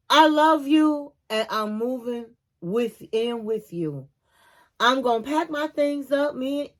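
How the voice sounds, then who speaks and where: A woman hosting a casual TV recap, animatedly retelling scenes and acting out what people said, with opinionated asides. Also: sits high. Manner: animated storyteller, acts out quotes, opinionated asides. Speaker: reality TV recap host.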